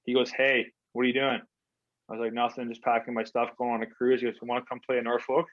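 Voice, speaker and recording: A man's voice: medium pitch, flat delivery, fast, no echo. Man, from Canada, hockey player guest, casual storytelling, filler-heavy, quotes conversations, dull dry lo-fi recording.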